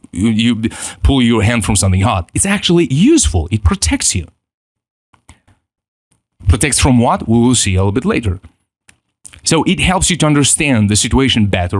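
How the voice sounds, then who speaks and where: A man teaching a self-help lesson in an animated way, acting out quoted inner voices and often repeating himself. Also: mid-range voice, no echo, clean studio sound. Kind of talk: motivational teaching.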